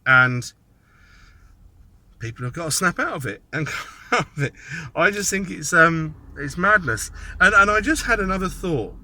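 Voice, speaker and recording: A man's voice: fairly high pitch, expressive, normal speed, pauses often, bright, forceful tone. A man giving a rambling, sardonic commentary monologue, thinking aloud as he goes. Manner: sardonic, mocking asides. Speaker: political commentator.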